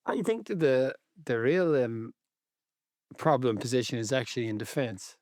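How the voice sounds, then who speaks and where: A man's voice: medium pitch, animated, normal speed, a little mellow, dry recording. A man co-hosting a casual football chat, easygoing and teasing, in a middle-of-the-road voice. The sound is dry and close, with no room around it. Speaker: podcast co-host.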